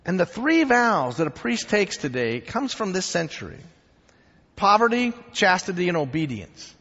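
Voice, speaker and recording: A man preaching a sermon and teaching church history in an animated, humorous, conversational way. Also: high-pitched, moderate pace. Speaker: pastor. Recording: dull echoing hall sound.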